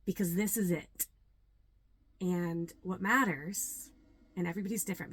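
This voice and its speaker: A young adult woman, a yoga teacher, talking earnestly and reflectively to camera, with many ums and pauses. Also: fairly low pitch, breathy edge. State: a little nervous. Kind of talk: casual talk to camera.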